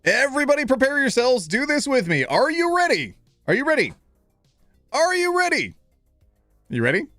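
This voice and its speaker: A man's voice: very high voice, huge pitch swings, moderate pace, long pauses, sharp tone, no echo, clean studio sound, faint music behind. A man in his thirties hosting a live stream, playful and self-deprecating, fumbling over names and joking with chat. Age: 30s.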